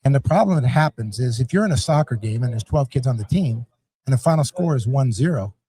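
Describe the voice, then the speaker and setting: A middle-aged man who founded a youth sports league appears as a guest in a conversational podcast interview, speaking fast in a mid-range, slightly rough voice. He tells stories animatedly, acting out coaches and yelling parents and scatting rhythms.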